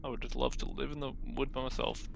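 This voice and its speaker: A man's voice: mid-range voice, very animated, fast talker, creaky, background noise. A man watching a friend play a game, chatting casually in a dry, teasing way and slipping into silly voices for jokes. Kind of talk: casual chat while gaming. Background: game music.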